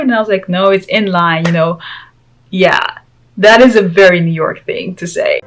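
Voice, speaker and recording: A woman's voice: fairly low pitch, brisk, rough recording. A woman vlog host chatting casually to camera, joking and laughing between points, with Spanish as her first language.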